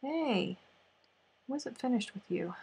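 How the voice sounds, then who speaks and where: A woman's voice: a little high, lively intonation, takes it slowly, gravelly, mellow, slightly rough. A woman with a Southern US accent chatting casually on a crochet live stream, sometimes counting stitches under her breath.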